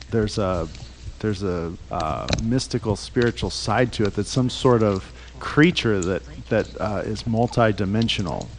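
A man's voice: mid-range voice, a little hiss or hum. A man hosting a radio show, chatting loosely in the studio, rambling and laughing as he asks questions. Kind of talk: casual studio chat.

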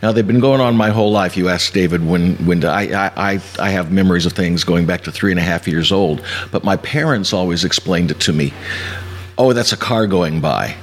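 Guy with a lowish voice, hesitant and stumbling, faint room noise behind. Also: fairly quick. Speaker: guest witness. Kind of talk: podcast interview. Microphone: shared mic.

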